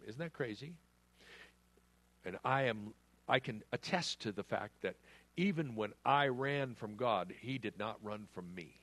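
A man preaching a sermon, earnest and emphatic, acting out prayers and quotations. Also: lowish voice.

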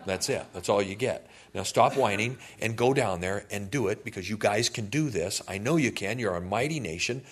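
A man's voice: on the low side, lively intonation, moderate pace, hardly any pauses, fairly bright tone, slight background noise, voice pushed down. A man voicing an old leader in his eighties who answers complaints in a blunt, no-nonsense way. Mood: firm. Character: old male leader, firm and exasperated.

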